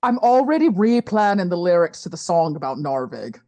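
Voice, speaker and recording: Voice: mid-range voice, very animated, normal speed, a little mellow. A casual tabletop game player. They talk loosely and laugh a lot, with the odd curse word. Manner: casual, laughs often, swears.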